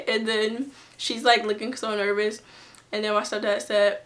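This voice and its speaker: A woman's voice: a little high, level tone, moderate pace, a bit bright. A young woman telling a personal story to her camera in a casual, chatty way, full of fillers and restarts. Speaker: vlogger.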